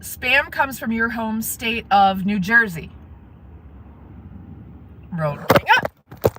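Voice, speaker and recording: A woman's voice: a little high, expressive, very slow, background noise. A woman live-streaming from her car, chatting casually with viewers and laughing often. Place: in a parked car.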